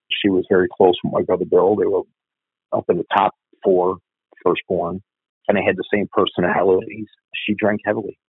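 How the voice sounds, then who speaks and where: Sitting low and slightly rough, this man's voice comes through phone-quality audio with no echo. In a candid, conversational interview, the middle-aged police officer recounts a family tragedy with blunt profanity, often repeating himself while recalling events.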